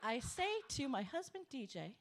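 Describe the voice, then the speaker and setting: A middle-aged woman telling a comic story on a cafe stage, animated and emphatic, swearing for punch. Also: on the high side, normal speed, background noise. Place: small cafe stage before an audience.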